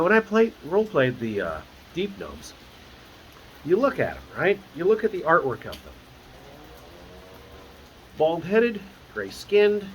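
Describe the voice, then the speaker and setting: A man's voice: mid-range voice, rough recording. A man running a casual campaign recap as dungeon master, his voice swinging up and down as he talks. He chats with lots of asides and keeps a friendly, unscripted tone. A faint hum sits behind him. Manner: chatty and animated, with lots of asides.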